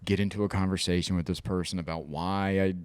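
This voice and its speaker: A man's voice: low-pitched, steady tone, fast talker, a little mellow, smooth, no echo. A man co-hosting a podcast in casual chat, telling stories animatedly, mimicking other people and swearing freely. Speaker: podcast co-host.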